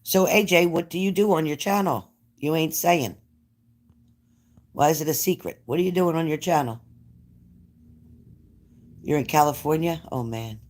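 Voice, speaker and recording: With a slightly high voice at normal speed and frequent pauses, a New Jersey livestream host chats with his audience. He reads out their comments and responds in a casual way.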